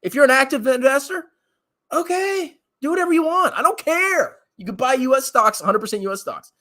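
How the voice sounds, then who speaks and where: Animated, mocking finance commentator man. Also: very high voice, a little fast. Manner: animated, mocking, laughs often. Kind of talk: livestream rant, reading chat questions.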